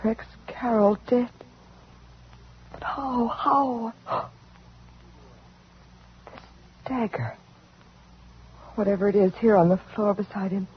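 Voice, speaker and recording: An actress playing a frightened heroine in a 1940s radio drama, breathy, anxious and pleading. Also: female voice, mid-range voice, steady tone, slow pace, long pauses. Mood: panicked. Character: frightened woman heroine in panic. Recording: dull lo-fi vintage radio recording.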